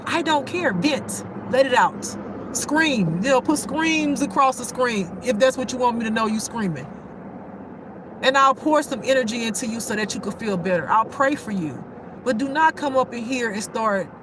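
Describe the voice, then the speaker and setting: A woman with a high voice talks straight to her viewers as a spiritual life teacher. Her manner is blunt and preachy, full of swearing and phrases said twice for emphasis. Faint noise sits in the background. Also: a bit bright. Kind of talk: casual direct-to-camera talk to viewers.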